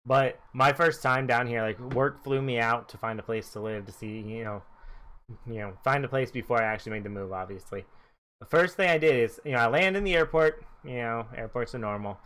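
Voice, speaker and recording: A man's voice: medium pitch, a little fast, a bit bright. A man co-hosting a podcast, teasing his co-host and rambling through casual anecdotes. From Texas and Michigan. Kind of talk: casual chat.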